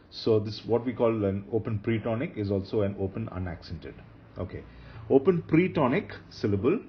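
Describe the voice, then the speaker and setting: A man teaching a grammar lesson, his pitch rising and falling in a lively, emphatic way. He repeats each rule slowly so students will remember it. The recording is a dull, lo-fi voice-over. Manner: slow, repeats key rules for emphasis. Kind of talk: slide-based grammar lecture.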